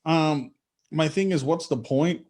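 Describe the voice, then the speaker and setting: Man debating politics, fairly high voice. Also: slow, darkish tone. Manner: argumentative, builds points with rhetorical questions; repeats words when starting sentences. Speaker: podcast co-host. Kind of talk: political talk show discussion.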